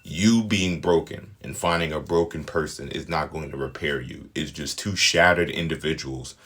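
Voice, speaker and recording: A man's voice: rumbling low, moderate pace, fairly bright tone. A man giving casual opinion commentary on a show, blunt, emphatic and full of profanity.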